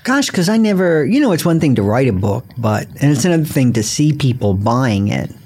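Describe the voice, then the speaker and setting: A man's voice: mid-range voice, sing-song, fairly quick, darkish tone. A male author, a guest on a podcast, telling stories in a dry, blunt way. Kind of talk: casual interview chat.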